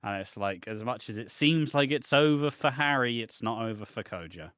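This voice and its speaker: A British man chats on a podcast, telling the story in an animated way and laughing often. His pitch sits in the middle, and the sound is dry and close, with almost no room in it. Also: normal speed, clean tone, no echo. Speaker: podcast co-host. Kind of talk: casual chat recapping a soap.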